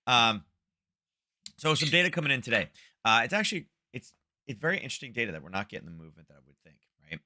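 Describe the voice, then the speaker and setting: A man's voice: medium pitch, very animated, fast talker, sharp tone, no room sound. A middle-aged man hosting a live trading show from home, giving casual market commentary in a chatty, rambling way full of fillers and restarts.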